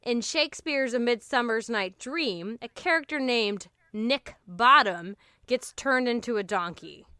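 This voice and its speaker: A woman's voice: on the high side, expressive, a little slow, pushed and bright, clean tone, no echo, clean studio sound. A woman co-hosting a casual comedy podcast, playful and jokey, laughing often and swearing freely. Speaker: podcast co-host.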